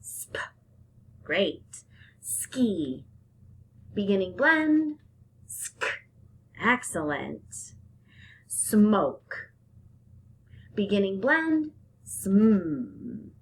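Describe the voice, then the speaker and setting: Slow, lively woman teaching phonics. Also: mid-range voice, slight background noise. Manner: slow, sing-song teacher talk with drawn-out sounds and praise. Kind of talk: phonics lesson to young children.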